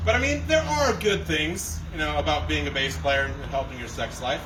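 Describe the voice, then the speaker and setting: A man's voice: a little high, moderate pace. A young man performing a stand-up set, telling conversational, self-deprecating stories. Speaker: stand-up comedian. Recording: distant mic with loud background noise.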